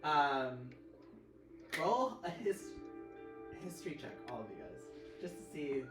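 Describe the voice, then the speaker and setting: A woman's voice: sits low, sing-song, measured pace. A woman narrating a tabletop game as game master, meandering, with many fillers and restarts. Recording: roomy, distant mic, music behind.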